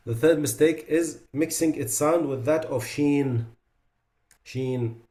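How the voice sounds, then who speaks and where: A man's voice: medium pitch, a little mellow. A man teaching a class on Quran recitation. He explains pronunciation mistakes, drawing out and repeating the sounds he models, with loose, conversational asides. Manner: explanatory, demonstrates pronunciations slowly and repeats them. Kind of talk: online class lecture.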